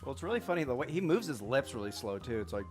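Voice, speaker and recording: A young male podcast co-host who throws in dry, profane asides with a chuckle. His pitch moves around a lot, and faint music plays behind him. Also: very animated, very fast. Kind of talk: casual comedic chat.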